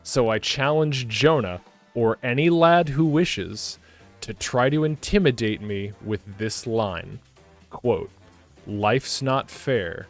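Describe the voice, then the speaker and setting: A man hosting a charity stream, reading donations in an upbeat, quick, casual way. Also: medium pitch, lively intonation, soft background music. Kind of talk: casual chat.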